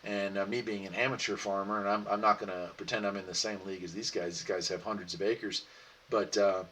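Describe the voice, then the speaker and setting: A man's voice: fairly low pitch, fairly quick, recorded from a distance, a little hiss or hum. Rambling man chatting on a livestream. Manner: relaxed, rambling, laughs often. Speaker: livestream host. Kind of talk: casual chat reading viewer comments.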